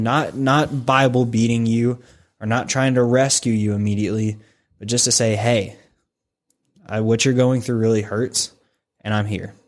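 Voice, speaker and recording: Low-voiced man asking probing questions. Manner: asks probing questions, speaks in earnest second person. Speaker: co-host of a discipleship podcast. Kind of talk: reflective faith discussion.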